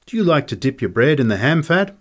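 A man voicing a calm, polite male camp cook in a storybook reading. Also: fairly high pitch, pitched above the performer's own voice. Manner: courteous, measured.

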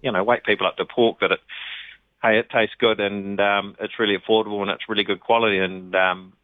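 A man's voice: lowish voice, level tone, brisk, no room sound. A man with a New Zealand accent, a pork industry representative talking casually on the phone in a rambling way with many ums. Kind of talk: radio phone interview. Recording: tinny phone line.

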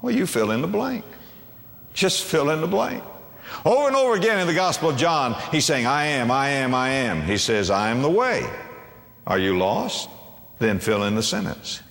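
A man preaching a sermon, dropping to a hush and then soaring, repeating phrases for emphasis. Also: medium pitch, vocal fry. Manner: impassioned, swings from hushed to soaring, repeats phrases. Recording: reverberant hall sound.

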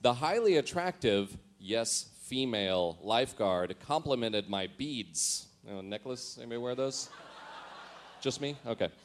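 A storyteller with a medium-pitched, animated voice works through his teenage diary at a measured pace. The entries come out dramatic and mock-earnest, and he's self-mocking throughout, often laughing through lines and slipping in sheepish comments between readings.

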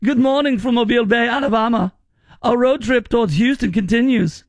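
A cheerful German tourist, as a radio host puts him on with an exaggerated mock German accent. He sounds upbeat and awestruck. The voice sits raised and a little louder than the host's usual talk. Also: very high-pitched, a little fast, dry recording, pitched above the performer's own voice.

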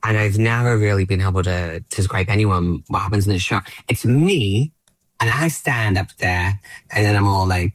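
A man from Australia in his late thirties talks in a fairly low voice with a dry, close sound. He rambles in a self-deprecating way, full of "like" and trailing thoughts. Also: moderate pace, no room sound. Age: late 30s. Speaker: comedian guest. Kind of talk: casual chat.

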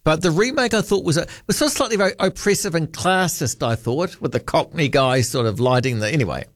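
A man's voice: fairly high pitch, expressive, brisk, no echo, clean studio sound. A man with a New Zealand accent hosting late-night talkback radio, rambling casually and reading listener texts aloud. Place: radio studio. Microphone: studio microphone.

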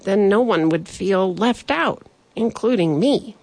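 A woman's voice: medium pitch, expressive, a little slow, a little mellow, no echo. A woman voicing a lonely broccoli who tries to act as a villain but sounds nervous and sad. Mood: mopey. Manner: timid, mopey.

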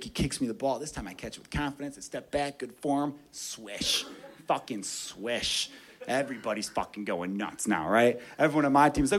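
A man telling a story in a stand-up comedy set, profane, animated and wry. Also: mid-range voice.

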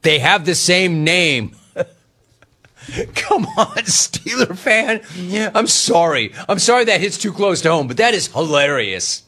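Man, sports talk radio host, teasing, mocking, fairly high voice, reads chat aloud. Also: pushed and bright. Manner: mocking, teasing, laughing at callers.

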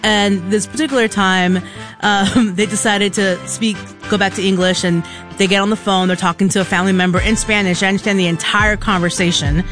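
A radio co-host in casual on-air chat, telling stories in an animated way and acting out the dialogue in them. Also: mid-range voice, a little fast, faint music behind. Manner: animated storyteller who acts out dialogue.

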